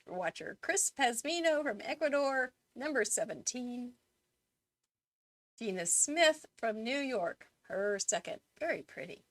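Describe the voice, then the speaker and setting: A woman hosting a live crafting show, chatty and enthusiastic. Her voice sits a little high and swings widely in pitch. The mic sound is close and dry. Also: fairly bright tone, no echo. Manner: reads viewer names rapidly, chatty and enthusiastic. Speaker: host.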